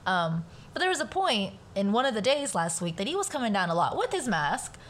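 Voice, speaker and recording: A woman who speaks Spanish at home, a guest on a casual podcast, telling a family story in an animated way and swearing casually. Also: mid-range voice, brisk. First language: bilingual, speaks Spanish at home.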